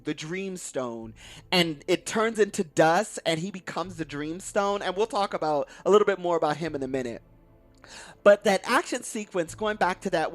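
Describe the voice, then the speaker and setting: A man's voice: high voice, no echo. A man giving a casual spoiler review of a film, effusive and gushing, repeating how much he loves each scene and acting out quoted lines. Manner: acts out quoted movie lines. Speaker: YouTube movie reviewer.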